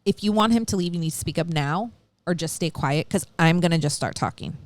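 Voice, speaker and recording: A woman's voice: low voice, a little fast, dry recording. A woman co-hosting a podcast, casually retelling a true-crime story, acting out quotes and swearing freely. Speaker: podcast co-host.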